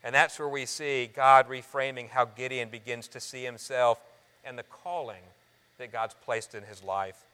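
A man preaching a sermon, earnest, calling his listeners friends and shifting from loud emphasis to soft, hushed lines. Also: mid-range voice, steady tone, moderate pace. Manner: addresses the congregation as friends. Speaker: pastor. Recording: long reverb of a large hall.

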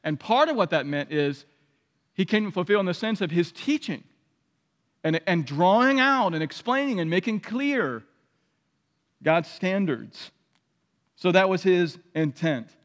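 High-voiced preacher in an echoing hall. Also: male voice, very animated, unhurried, long pauses. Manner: emphatic, repeats key phrases, rising to loud peaks. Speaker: pastor. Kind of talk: sermon. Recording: long hall reverb.

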